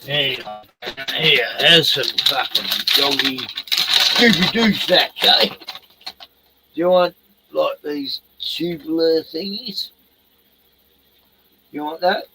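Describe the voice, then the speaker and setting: A man's voice: a little high, expressive, takes it slowly, long pauses, heavy background noise. An Australian man hosting a casual livestream, rambling, swearing and chatting to his dog. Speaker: livestream host.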